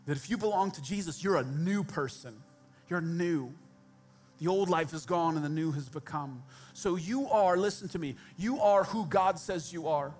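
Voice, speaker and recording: Brief: male pastor, higher-pitched voice, casual direct sermon delivery with jokes, soft music underneath. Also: normal speed. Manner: conversational, direct, humorous asides to the congregation.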